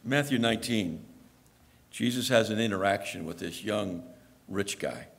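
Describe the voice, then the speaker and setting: A man's voice: lowish voice, a little slow, vocal fry, fairly bright tone, in a large hall. A male pastor preaching a sermon in a conversational storytelling manner, acting out the lines he quotes. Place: church.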